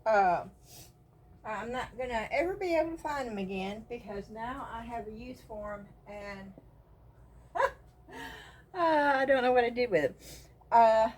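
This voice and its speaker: A woman's voice: on the high side, unhurried, pauses often. Chatty Southern woman gushing over bargains. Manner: chatty, excited about bargains, rambling asides. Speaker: craft vlogger. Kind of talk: casual haul and craft chat.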